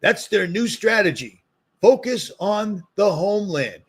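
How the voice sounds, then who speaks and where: Gravelly Boston man ranting heatedly. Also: high voice, lively intonation, measured pace. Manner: ranting, emphatic, repeats points. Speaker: commentary vlogger. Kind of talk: heated solo commentary.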